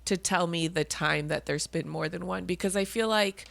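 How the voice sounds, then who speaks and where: A woman's voice: lowish voice, moderate pace, creaky, fairly bright tone, no echo. A woman co-hosting a casual book podcast, retelling the plot in a dry, matter-of-fact way. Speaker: podcast co-host.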